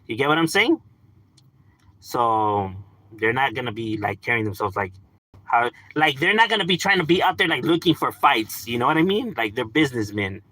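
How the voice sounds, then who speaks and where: A man's voice: medium pitch, sing-song, moderate pace, pushed and bright, no room sound, low-quality recording. A man streaming live, talking in a laid-back, slangy way and chatting to his viewers. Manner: laid-back slangy talk with frequent "like" and "bro". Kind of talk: casual live-stream chat.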